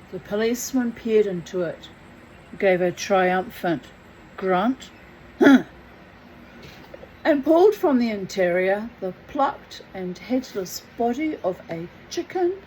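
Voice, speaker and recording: A woman's voice: medium pitch, a little mellow, a little hiss or hum, low-quality recording. A woman reading a book aloud, with chatty, self-mocking asides. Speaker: reader.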